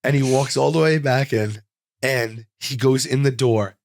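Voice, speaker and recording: A comedian telling an animated story in casual talk, with restarts and acted-out quotes, in a studio. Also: male voice, medium pitch, unhurried, no echo. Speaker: comedian guest.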